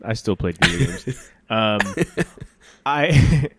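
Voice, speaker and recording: A man's voice: fairly low pitch, animated, slow pace, background noise. A young man co-hosting a casual gaming podcast, joking and laughing through his stories. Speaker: podcast co-host. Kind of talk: casual chat.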